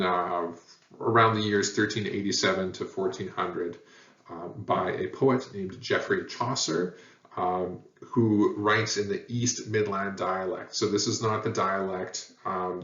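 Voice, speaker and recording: Man lecturing in an echoey room. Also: deep voice. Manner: relaxed, thinking aloud with many fillers. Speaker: teacher. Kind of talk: recorded lecture. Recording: echoey room heard from far, dull sound.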